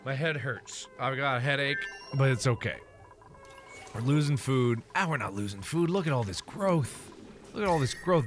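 A man hosting a let's play video, talking through the game as he plays. He is excitable and swings from loud squeals to muttered asides. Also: medium pitch, unhurried, pauses often, soft background music. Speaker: gaming channel host.

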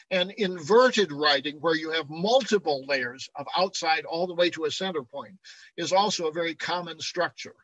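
A man's voice: fairly high pitch, a bit bright, dry recording, poor audio. A man giving a classroom lecture on Bible translation, often checking in with the class and chuckling as he explains.

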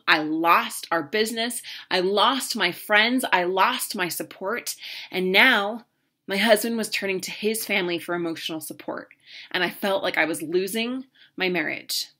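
Bright-voiced earnest woman coach. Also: lowish voice. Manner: earnest, heartfelt storytelling. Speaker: relationship coach. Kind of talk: personal story talk to camera.

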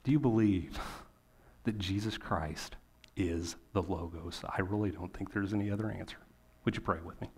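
A man, a pastor, preaching a sermon in a conversational way, with rhetorical questions and emphatic pauses. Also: sits low, a little mellow, husky.

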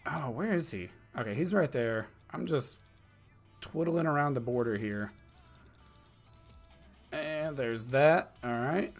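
Man, live game streamer, slightly high voice, excitable, swears, faint game music behind. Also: unhurried, long pauses. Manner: excitable, swearing, muttering under breath. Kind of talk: live gameplay commentary.

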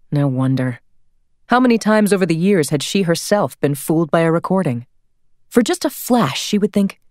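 A woman reads an audiobook in scripted narration, measured and expressive. Her voice is lowish, and the studio-quality recording is dry.

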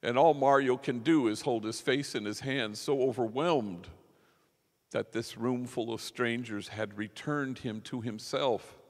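A man with a gravelly, mid-pitched voice tells a story from the pulpit in an easy, conversational way. He acts out the lines of the people in his story. His voice rings with a long reverb through a large church. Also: measured pace. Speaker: preacher. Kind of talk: sermon storytelling.

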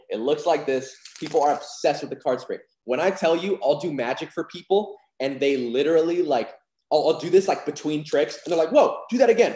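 A man's voice: fairly high pitch, darkish tone. Upbeat young man teaching card tricks. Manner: upbeat, chatty, lots of "like" and "super cool". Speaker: magic instructor. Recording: roomy echo.

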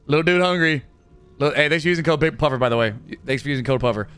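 A man streaming a video game, reacting out loud with swearing and talking to the characters on screen. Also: medium pitch, racing, clear, resonant tone, soft background music. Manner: jumpy and excitable, swears, talks to game characters. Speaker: gaming streamer. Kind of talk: let's play commentary.

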